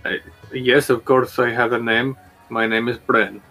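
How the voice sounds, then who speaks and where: A man's voice: medium pitch, flat delivery, unhurried, sharp tone. Man playing a nervous tabletop-game guard, near his own voice, music bed. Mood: flustered. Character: flustered, underpaid male town guard.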